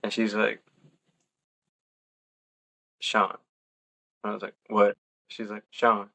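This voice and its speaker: Gravelly-voiced man telling a story. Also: on the low side, fairly quick. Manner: relaxed, chatty, laughs through the story. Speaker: podcast co-host. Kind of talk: casual storytelling.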